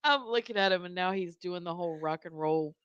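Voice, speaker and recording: A woman co-hosting a casual live stream from home, speaking slowly with frequent giggles and agreeing murmurs. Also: on the low side, highs cut off, very noisy. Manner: slow-spoken, giggly, lots of agreeing murmurs.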